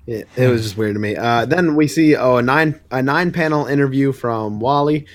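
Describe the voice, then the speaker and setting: A man's voice: mid-range voice, normal speed, dry recording. Dry-sounding man recapping comics. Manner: animated retelling, laughs often, exasperated asides. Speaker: podcast co-host. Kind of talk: casual comic book review chat.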